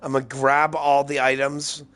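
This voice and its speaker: A man's voice: mid-range voice, monotone, a little slow, a bit bright. A man rambling loosely and profanely through casual gameplay commentary, tipsy and slightly slurring his words. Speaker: gaming streamer.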